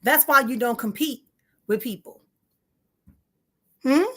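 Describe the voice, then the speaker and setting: Speaking straight to her audience in an informal live spiritual teaching, a woman with a somewhat high voice stresses her message emphatically. She repeats key phrases again and again, and her pace quickens as she gets more heated.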